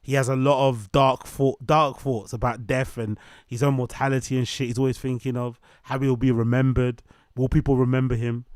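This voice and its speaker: A man delivers an opinionated commentary rant. He stacks points into quick lists at a mid-range pitch. The sound is close and dry, with no room echo. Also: darkish tone. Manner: opinionated, rapid listing, sarcastic. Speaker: commentary channel host. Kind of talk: ranting commentary on a podcast clip.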